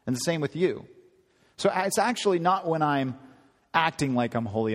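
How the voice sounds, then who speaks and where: A man preaching a conversational sermon, often climbing higher in pitch for emphasis. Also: moderate pace. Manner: conversational, animated, rising to high emphasis. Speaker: pastor. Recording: long hall reverb.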